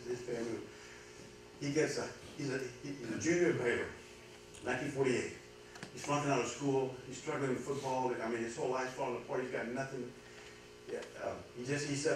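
A man's voice: mid-range voice, a little hiss or hum. A man preaching a sermon at a men's retreat, telling a story with rising passion and many restarts. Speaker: pastor. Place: large room at a men's retreat. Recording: very echoey room, distant mic, faint background.

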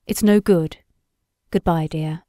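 An earnest young Victorian gentleman scientist pleads in a low, quiet voice, as a woman reader puts him on. The storybook reading is dry and close, with no room around it. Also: steady tone, slow, no echo. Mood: earnest pleading.

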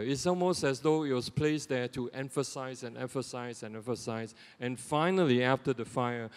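A man's voice: mid-range voice, moderate pace, few pauses, clean tone. Singaporean man preaching in a reverberant church. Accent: Singaporean English. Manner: conversational, animated, with many restarts and "you know" asides. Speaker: lay preacher. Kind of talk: sermon. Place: church sanctuary.

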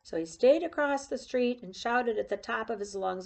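A woman reads a children's picture book aloud, expressive and unhurried. Her voice sits a little high and carries a distinct gravelly fry. She stops now and then to point out the pictures. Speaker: storyteller.

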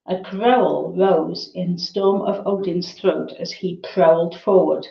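A woman reading a children's novel aloud in a measured, expressive storytelling manner. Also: fairly low pitch, vocal fry. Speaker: reader. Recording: roomy, dull lo-fi sound.

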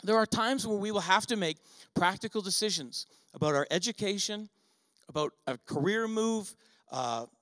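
High-voiced man preaching in a hall. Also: lively intonation, normal speed, a bit bright. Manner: conversational preaching with rhetorical questions and asides. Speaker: pastor. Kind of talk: sermon. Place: church sanctuary.

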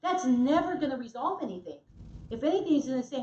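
A woman's voice: high voice, expressive, fast, mellow, reverberant, recorded from a distance, dull audio. A woman co-teaching a church marriage class, earnest and emphatic, acting out what couples say. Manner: earnest, emphatic, acts out quotes.

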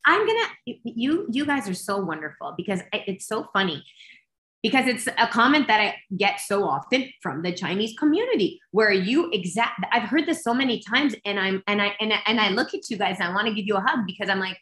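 Woman guest coach, expressive and emphatic, quick restarts; roomy sound. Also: mid-range voice. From Canada. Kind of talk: energetic coaching talk.

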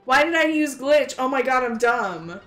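A woman's voice: sits high, expressive, moderate pace, a bit bright, soft background music. A woman streaming a video game live, chatting casually, reading chat aloud, laughing and swearing.

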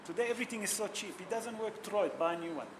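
A man's voice: high voice, fast, background noise. A man speaking as a rabbi in a sermon, telling stories emotionally and asking his listeners questions, in non-native English with simple grammar. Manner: emotional storytelling, asks the audience questions.

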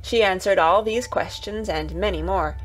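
A woman narrating a classic children's novel as a calm bedtime story. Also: medium pitch, normal speed.

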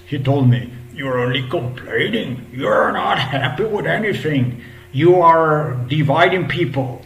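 A man in his fifties goes on a bitter, sarcastic rant, swearing, mocking and circling back over the same words. His voice sits a bit high for a man. The room around him is echoey. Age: 50s. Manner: profane, mocking, repetitive. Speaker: vlogger translating an interview clip.

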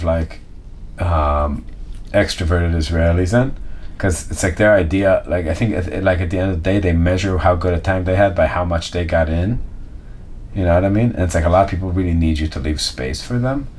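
A man co-hosting a podcast, chatting casually and often mimicking people in high silly voices. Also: a little mellow, slight background noise. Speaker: podcast co-host. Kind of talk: casual chat.

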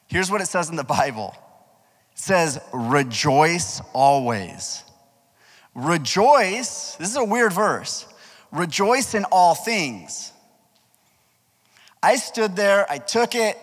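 Male youth pastor, upbeat storyteller, fairly high voice, long reverb of a church hall. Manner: animated storytelling, asks the crowd questions. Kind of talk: youth sermon with personal story.

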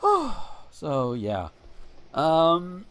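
Casual male podcast host, rambling and profane, with lively pitch. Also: very slow. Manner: rambling, swears freely, frequent restarts.

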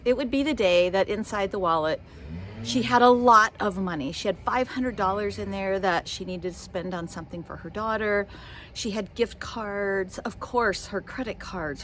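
A woman's voice: medium pitch, a bit bright, a little hiss or hum. A middle-aged woman vlogging, telling a personal story to camera in a heartfelt, emotional way.

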